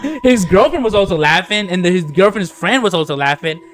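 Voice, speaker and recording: A man's voice: high-pitched, expressive, fairly quick, fairly bright tone, a little hiss or hum. A man co-hosting a podcast, telling a story in rambling casual chat, laughing often and swearing freely. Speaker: podcast co-host.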